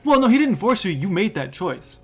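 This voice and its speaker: High-voiced man joking as game master. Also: big pitch swings, brisk, over music. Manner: crude, joking banter. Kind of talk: casual chat.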